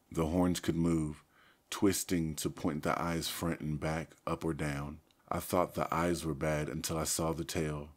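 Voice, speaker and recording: Deep-voiced man reading an audiobook. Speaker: audiobook narrator. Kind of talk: audiobook reading, first-person narration.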